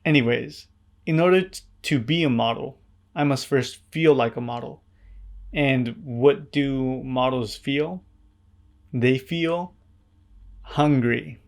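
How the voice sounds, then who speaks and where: Wry deadpan man narrating a vlog. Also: mid-range voice, slow pace, vocal fry, long pauses. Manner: introverted, earnest. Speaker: vlogger.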